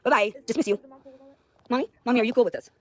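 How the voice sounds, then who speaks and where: A woman's voice: a little high, fast, darkish tone. A woman in her thirties from the United States, livestreaming in an agitated, profane and accusatory manner. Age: 30s. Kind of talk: confrontational livestream rant.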